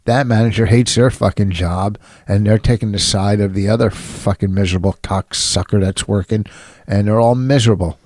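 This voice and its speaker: A middle-aged man co-hosting a podcast, speaking in a low voice. He grumbles and rants bluntly in casual chat, with plenty of swearing. The sound is dry and close. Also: steady tone, normal speed, darkish tone, no room sound. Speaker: podcast co-host.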